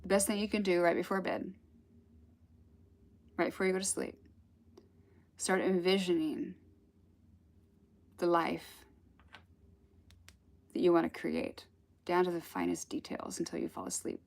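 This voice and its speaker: A spiritual teacher gives a casual talk, rambling and chatty as she tells stories and laughs along the way. Her voice is on the low side, creaky and darkish, and she speaks a little slowly with long pauses.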